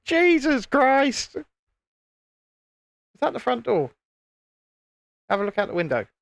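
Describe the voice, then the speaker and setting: Here a British host, recording on a phone at home in the evening, chats casually on a livestream while building, reading messages from chat and laughing often. The mid-range voice swings widely in pitch, unhurried and creaky, with clean studio sound and no room sound.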